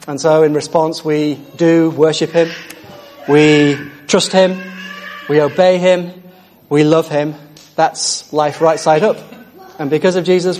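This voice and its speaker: Male preacher, fairly high voice, exuberant and repetitive, sometimes off-mic. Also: a little mellow. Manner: exuberant, repeating phrases for emphasis. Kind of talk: sermon.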